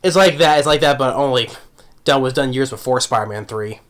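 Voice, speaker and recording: Rambling man reviewing an anime. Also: brisk. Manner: rambling, many restarts, voice jumps up when excited and trails off low. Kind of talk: casual spoken review.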